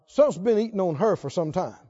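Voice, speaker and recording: High-pitched guy preaching, goes loud then hushed, muffled sound. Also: animated, fast. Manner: emphatic, swings between loud and hushed. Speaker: pastor. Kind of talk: sermon.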